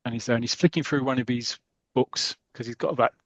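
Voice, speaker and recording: Animated man retelling a comic. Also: medium pitch, quick pace, dry recording, lo-fi sound. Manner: animated storyteller, laughs often, acts out quotes. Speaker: podcast host retelling a comic story. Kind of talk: casual chat, retelling with put-on voices.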